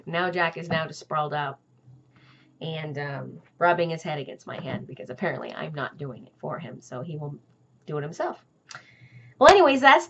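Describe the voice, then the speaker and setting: A woman's voice: on the low side, muffled recording. Chatty woman rambling to the camera. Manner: chatty and rambling, many ums and asides. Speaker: crafting vlog host. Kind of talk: casual chat to camera. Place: at home.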